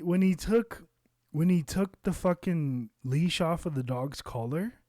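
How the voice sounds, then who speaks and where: A man's voice: a little high, mellow, no room sound, studio quality. A man casually telling a personal story to camera, rambling with lots of fillers and cursing. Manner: rambling, loose with curses and fillers. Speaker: vlogger.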